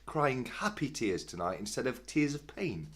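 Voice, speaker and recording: A man's voice: medium pitch, big pitch swings, normal speed, a crowd in the background. A British man co-hosting a charity livestream in casual chat.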